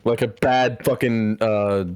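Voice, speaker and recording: A man chatting casually as a player in a tabletop game, excitable and trailing off into fillers. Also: fairly low pitch, slow, smooth, no echo.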